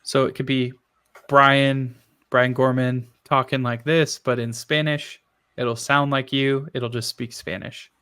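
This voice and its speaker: A man's voice: medium pitch, measured pace, clean tone. A man talking casually on a tech podcast, chatty and self-deprecating. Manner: chatty, self-deprecating, quotes people in lively voices. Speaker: podcast host.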